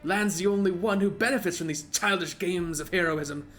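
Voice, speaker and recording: A man voicing a blunt, raspy, witch-like female ranger while reading game dialogue aloud. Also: sits high, normal speed, a bit bright, faint music behind. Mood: grim.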